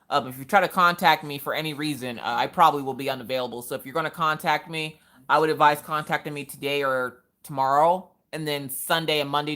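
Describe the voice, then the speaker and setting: A woman hosting a casual live craft stream, chatting in an animated way and answering viewers' comments. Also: a bass voice.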